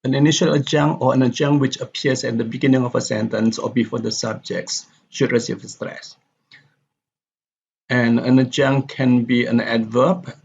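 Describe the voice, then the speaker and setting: On a dull lo-fi recording, a man of medium pitch whose voice is creaky with a breathy edge teaches pronunciation from slides. He reads example sentences out steadily, then says them again.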